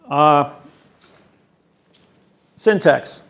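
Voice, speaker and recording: A man's voice: high-pitched, lively intonation, slow, long pauses, clear, resonant tone. A man giving a rambling seminar lecture, boastful and emphatic, sure of his own expertise. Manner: boastful, emphatic, self-assured. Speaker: seminar presenter. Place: seminar room.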